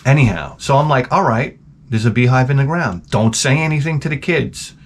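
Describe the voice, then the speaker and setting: New guy rambling thru a story, cursing a lot, sarcastic, animated, normal pitch. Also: fairly quick, slight background noise. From New York. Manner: animated, profane, sarcastic asides. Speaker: gaming channel host.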